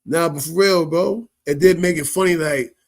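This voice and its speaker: A man's voice: a little high, moderate pace, vocal fry. Chatty New man, slangy commentary. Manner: laid-back slangy talk, keeps asking "you know what I mean", laughs often. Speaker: show host reacting to viral clips. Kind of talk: casual commentary.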